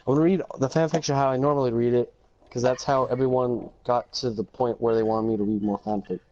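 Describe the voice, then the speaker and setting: A man's voice: medium pitch, steady tone, quick pace, warm tone. A young man livestreaming a game with friends, talking casually in a crude, joking way. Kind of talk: casual gaming livestream chat. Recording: dull lo-fi audio.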